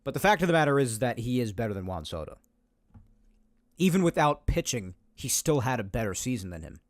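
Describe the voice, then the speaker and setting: A man's voice: mid-range voice, big pitch swings, brisk, dry recording. New guy ranting about baseball on his podcast, dry close sound, mid voice. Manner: emphatic, argumentative, repeats points. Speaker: podcast host. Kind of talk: opinionated solo sports talk.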